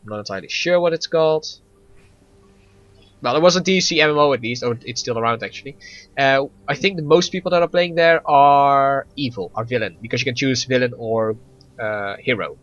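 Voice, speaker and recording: A man's voice: medium pitch, brisk, fairly bright tone, dull audio. A man co-hosting a casual gaming chat, rambling with stammers, restarts and frequent laughs. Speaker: gaming podcast co-host.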